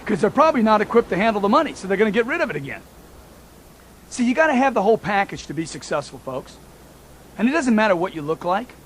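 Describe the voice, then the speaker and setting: A man's voice: high voice, very animated, fast talker, fairly bright tone, slight background noise. A man giving a motivational talk, emphatic and repetitive, speaking straight to his listeners as folks.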